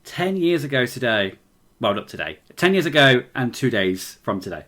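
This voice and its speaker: A man's voice: medium pitch, big pitch swings, normal speed, pushed and bright. Male podcast co-host, tipsy and giggly, casual chat.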